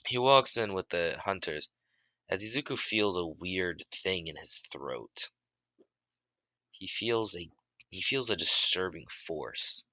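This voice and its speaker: A man improvising a story as narrator, halting with many restarts and fillers. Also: low voice, expressive, sharp tone, no room sound.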